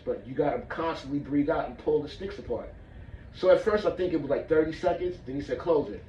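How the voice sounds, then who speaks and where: A man's voice: fairly high pitch, fairly quick, warm tone, a little hiss or hum. A man teaching martial arts breathing, casual and checking in with his listeners as he demonstrates. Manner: casual, demonstrates as he talks, checks in with "all right?". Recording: echoey room, mic far off, muffled.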